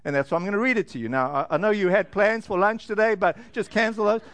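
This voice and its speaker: A man with a high-pitched voice preaching a sermon in an easy, joking manner. He drops in frequent fillers and slows down on key words. The sound is dry and close, with no room echo. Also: a bit bright. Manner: conversational and joking, with frequent fillers and slowed emphasis. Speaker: pastor.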